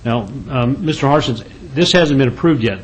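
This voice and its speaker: A councilman with a mid-range voice speaks earnestly at a council meeting. He pauses, restarts and clears his throat. Light noise rumbles underneath. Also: poor audio. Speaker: city councilman. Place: council chamber.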